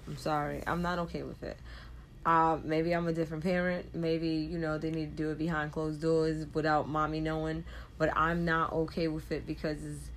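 A woman co-hosts a casual podcast, speaking as a mother in a blunt, emphatic way. Her voice sits a little low, and she swears freely and laughs easily. Faint ambient noise sits behind her.

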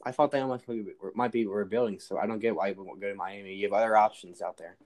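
A man's voice: on the low side, steady tone, quick pace, darkish tone. A man talking as a guest in a casual sports chat, giving strong opinions and repeating his points.

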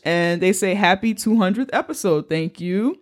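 A woman's voice: medium pitch, animated, moderate pace. A woman with a Bronx accent co-hosting a podcast, upbeat as she reads out listener messages and thanks people by name. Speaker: podcast co-host. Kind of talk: casual chat, reading listener messages.

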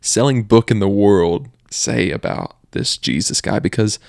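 A man co-hosting a podcast, upbeat and chummy, asking questions in a relaxed, casual way. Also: lowish voice, a little slow, vocal fry, no room sound, clean studio sound. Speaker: podcast co-host. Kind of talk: casual faith discussion.

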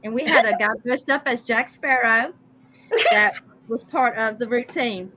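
A woman's voice: on the high side, a little slow, heavy background noise. A woman from Memphis, a guest on a chat show, telling a story and laughing often. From Memphis, USA. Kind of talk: casual chat.

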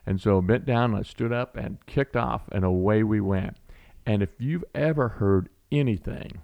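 Casting: middle-aged male storyteller, gravelly low voice, lively. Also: normal speed, dull audio. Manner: animated storyteller, acts out voices, restarts often. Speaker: guest telling a personal story. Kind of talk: conversational storytelling.

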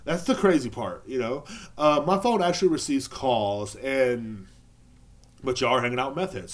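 A man's voice: medium pitch, moderate pace. A man hosting a casual solo podcast, rambling, swearing often and turning sarcastic. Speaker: podcast host.

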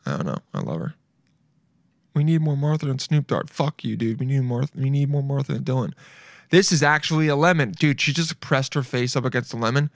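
A man hosting a casual solo podcast, excitable and profane, thinking out loud as he talks. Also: medium pitch, a little fast, gravelly, no room sound, studio quality. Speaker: podcast host.

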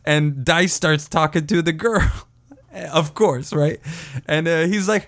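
A man's voice: a little high, slow pace, fairly bright tone, no room sound, studio quality. A man hosting a podcast, telling a story in a rambling, profane way and often laughing at his own words. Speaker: podcast host. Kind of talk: casual storytelling.

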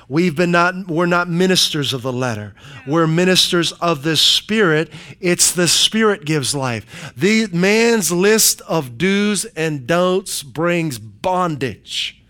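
A man's voice: on the high side, expressive, slow pace, fairly bright tone, clean tone. A man preaching a sermon, emphatic and repetitive, quoting scripture and hammering his points. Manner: emphatic preaching with repeated phrases and scripture quotes.

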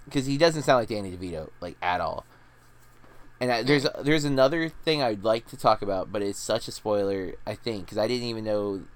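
A man hosting a movie review podcast, talking in a loose, chatty way full of "like" and restarts. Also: medium pitch. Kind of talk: casual chat.

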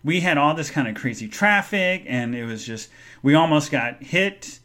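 Bright-voiced man telling a story. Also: normal speed. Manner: animated, acts out quoted people with big jumps in pitch and loudness. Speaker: podcast host. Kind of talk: casual storytelling monologue.

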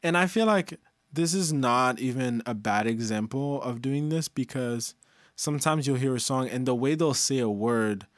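A man co-hosting a casual chat about a song, relaxed, using lots of "like" and reading lyrics softly. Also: mid-range voice, normal speed, no echo, studio quality. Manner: relaxed, many "like" fillers, reads lyrics softly. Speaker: co-host discussing a song.

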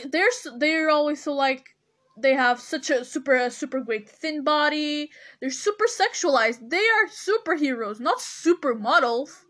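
High-voiced young woman, laughing commentary. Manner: animated, laughs often and hard. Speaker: podcast host. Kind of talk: casual commentary.

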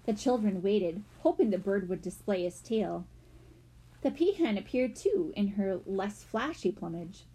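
A woman narrating a children's mystery audiobook with expressive storytelling. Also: medium pitch, a little slow, breathy edge.

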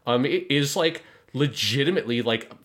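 A man casually breaking down an anime episode, animated and analytical, with many fillers. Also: mid-range voice, moderate pace. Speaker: podcast co-host.

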